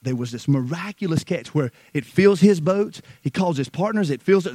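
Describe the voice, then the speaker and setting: A man preaching a sermon who moves between hushed, slow passages and loud, fervent stretches, often repeating words. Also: a little high, lively intonation, no room sound, rough recording. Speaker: pastor.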